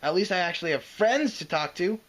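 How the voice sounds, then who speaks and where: A man's voice: high voice, lively intonation, brisk, a bit bright, voice pushed up. Man doing a scared, defiant kid dragon. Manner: pleading, retorting, insolent. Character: young boy dragon, defiant but scared.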